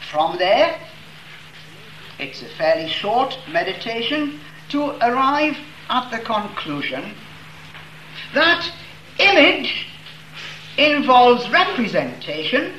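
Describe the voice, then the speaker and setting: Man preaching in a church hall, slow and emphatic, voice going way up and down, bit echoey. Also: high voice, pushed and bright. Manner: slow, emphatic reading of scripture with stressed words. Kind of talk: sermon. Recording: roomy echo with faint room noise.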